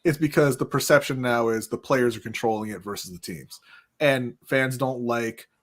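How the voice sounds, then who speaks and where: A man co-hosting a sports talk show, explaining his point in a measured way with frequent "you know" fillers. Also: medium pitch, a bit bright. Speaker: podcast co-host. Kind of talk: casual sports debate.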